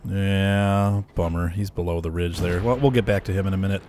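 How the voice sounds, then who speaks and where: A man giving casual gameplay commentary in a relaxed, chuckling manner. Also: deep voice, fairly quick, a little hiss or hum. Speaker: game commentator.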